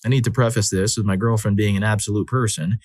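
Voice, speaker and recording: A man reading listener stories aloud as the narrator of a compilation, in an expressive, dramatic style that acts out the quotes. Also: on the low side, fast, no room sound. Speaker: story narrator. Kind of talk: scripted narration of reader stories.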